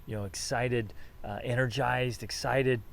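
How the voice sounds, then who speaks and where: A man hosting a motivational talk, speaking energetically with big swings in volume and lively delivery. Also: medium pitch, a little slow, gravelly, slight background noise. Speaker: podcast host and coach.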